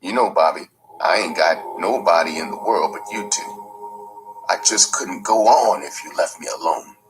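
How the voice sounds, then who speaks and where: A man voicing a big, heartbroken stepfather who pleads in a low, trembling voice. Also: a little slow, low-quality recording. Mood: desperate. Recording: faint music underneath.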